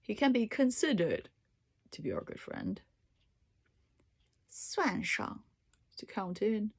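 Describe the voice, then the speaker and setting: A woman's voice: medium pitch, wildly swooping pitch, slow, slightly rough. A woman casually reading dictionary entries aloud to herself, trying out Chinese words with small asides and occasional whispers. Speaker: language learner reading a dictionary.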